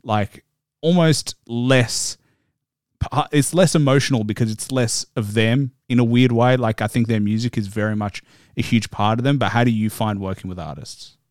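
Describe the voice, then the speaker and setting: A man's voice: medium pitch, moderate pace, a little mellow, dry recording, clean studio sound. A man hosting a podcast interview, asking rambling questions and correcting himself as he goes. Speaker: podcast host. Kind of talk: casual interview chat.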